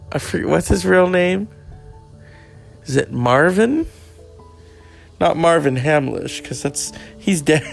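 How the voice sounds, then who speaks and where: Gravelly-voiced man rambling casually. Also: medium pitch. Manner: profane, reads aloud from web pages.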